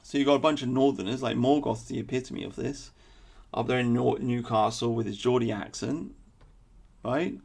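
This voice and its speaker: A man's voice: medium pitch, fairly even intonation, moderate pace, vocal fry, darkish tone. A man delivering a blunt, opinionated political commentary monologue with sarcastic asides. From England.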